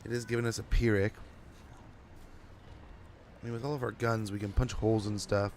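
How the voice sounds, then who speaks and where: A man's voice: lowish voice, level tone, moderate pace, a little mellow, a little hiss or hum. A young man giving casual, rambling, self-deprecating commentary while playing a strategy game. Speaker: gaming streamer.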